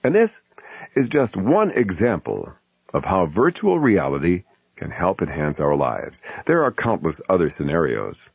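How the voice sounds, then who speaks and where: A man reading his humorous essay aloud in a wry, deadpan manner. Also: deep voice, measured pace, vocal fry, breathy edge, no room sound. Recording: muffled lo-fi recording.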